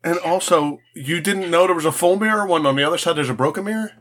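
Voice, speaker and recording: Joking man with a slightly high voice. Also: fast, fairly bright tone. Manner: joking and laughing often. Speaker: podcast co-host. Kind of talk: casual chat.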